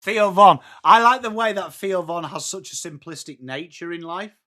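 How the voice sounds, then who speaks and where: A young English man hosting a live football watchalong, chatting excitably with viewers and calling out plays. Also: sits high, normal speed. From England. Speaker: watchalong stream host.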